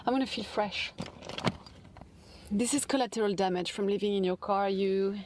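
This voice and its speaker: A woman's voice: medium pitch, normal speed, darkish tone. A woman in a casual vlog, talking to herself in a tired, chatty way from inside her car. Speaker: vlogger.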